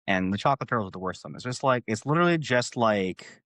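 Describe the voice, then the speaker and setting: A man with a Cape Breton accent co-hosting a fitness podcast, swearing constantly as he tells animated stories in casual chat. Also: lowish voice, fast talker, dry recording. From Canada, Cape Breton. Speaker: fitness coach, podcast co-host.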